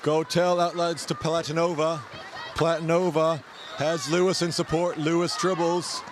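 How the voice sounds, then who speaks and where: A man calls a live match in quick bursts, his voice sitting a touch high. A faint hum of outdoor ambience runs underneath the commentary. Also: little pitch movement, crowd noise. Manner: brisk play-by-play, reads sponsor list.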